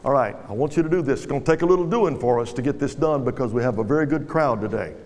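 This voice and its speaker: A man's voice: medium pitch, fast talker, a little mellow. A male guest pastor, preaching a sermon and urging the congregation with repeated commands. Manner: exhorting, repeats commands to a crowd. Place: large church hall. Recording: live church hall with reverb and music. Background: music and congregation.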